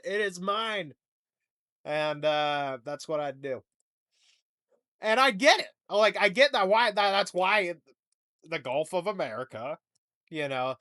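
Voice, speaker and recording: A man's voice: sits high, pushed and bright. A young man hosting a comedy podcast, rambling through a profane, jokey monologue. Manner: rambling, profane, jokey rants with mock voices.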